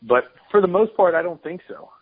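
A man's voice: high-pitched, a little fast, breathy edge. A man, a former fighter, telling rambling, laid-back anecdotes as a guest on a phone call. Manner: relaxed, rambling anecdotes with restarts. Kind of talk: casual storytelling on a phone call. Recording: tinny phone line.

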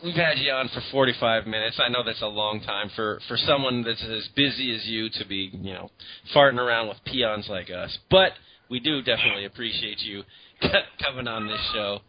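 A man's voice: fairly low pitch, moderate pace, lo-fi sound, slight background noise. A man hosting a casual interview, asking loose, chatty questions with a laugh. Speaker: podcast host.

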